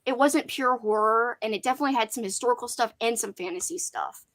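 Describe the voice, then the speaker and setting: A woman's voice: fairly high pitch, fast, a bit bright. A young woman hosting a casual livestream chat about books, talking loosely with plenty of fillers and reading out viewer comments. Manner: chatty, lots of "like" fillers, reads chat aloud. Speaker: booktube host.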